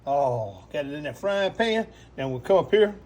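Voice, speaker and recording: A man's voice: a little high, big pitch swings, moderate pace, a little mellow. A man with a Southern US accent hosting a casual cooking vlog, folksy and drawling, with frequent exclamations. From Louisiana. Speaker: cooking channel host.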